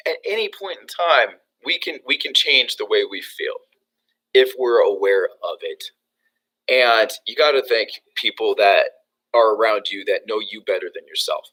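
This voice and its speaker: Bright-voiced upbeat male sales trainer. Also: fairly low pitch, normal speed, rough recording. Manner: energetic, acts out phone calls, many fillers and restarts. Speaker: real estate trainer. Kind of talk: motivational training talk.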